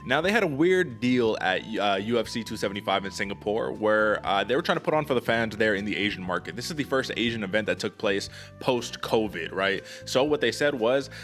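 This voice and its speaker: A man's voice: on the low side, animated, a little fast, hardly any pauses, a bit bright, soft background music. A man hosting a casual sports podcast, talking energetically and emphatically to his co-host.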